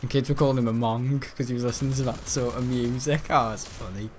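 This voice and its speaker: Brief: man, gameplay commentary, giggly and rambling, mid-pitched voice. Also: steady tone, quick pace, slight background noise. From north-west England. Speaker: gaming channel host.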